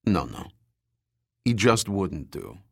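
A man's voice: deep voice, sing-song, slow, gravelly, breathy edge, dry recording, clean studio sound, full character voice. A man reading the lines of a Soviet agent who speaks with mocking, genial politeness. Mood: genial menace.

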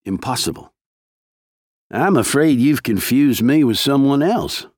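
A man's voice: mid-range voice, animated, a little slow, darkish tone, no echo, studio quality, voice pushed up. A man voicing an aging former assassin who hides behind a folksy Western drawl, raised above his narrating voice. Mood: guarded. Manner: folksy Western drawl put on over a hidden past.

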